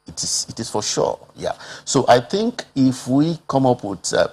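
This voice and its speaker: A man's voice: mid-range voice, sing-song, normal speed, darkish tone, husky. A man with a Nigerian accent speaking as a public health expert on a TV panel, earnest and full of rhetorical questions, with frequent "uh" fillers. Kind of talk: TV panel discussion.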